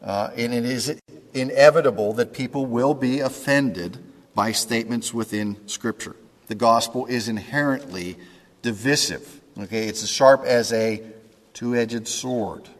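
Man, pastor, conversational sermon, checks in with "okay?", mid-pitched voice, long hall reverb. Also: a little slow.

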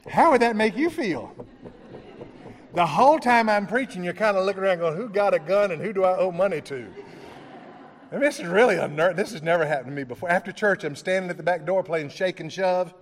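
A man delivers a sermon in a fairly high voice, acting out the dialogue in his stories and chuckling as he goes. His voice carries a long reverberant tail from a large hall. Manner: storytelling with acted-out dialogue and chuckles. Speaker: preacher.

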